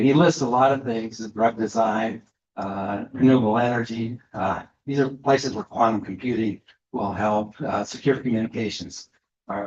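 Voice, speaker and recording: Man lecturing with many fillers, echoey hall. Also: mid-range voice. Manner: hesitant, many fillers and restarts. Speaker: guest speaker. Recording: echoey room, slightly dull sound.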